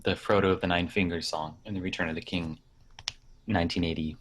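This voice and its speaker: A man's voice: sits low, fairly even intonation, fast talker, crowd noise. A man co-hosting a game podcast, chatting casually in a loose, rambling way. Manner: loose, rambling, filler-heavy. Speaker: podcast co-host. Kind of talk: casual chat.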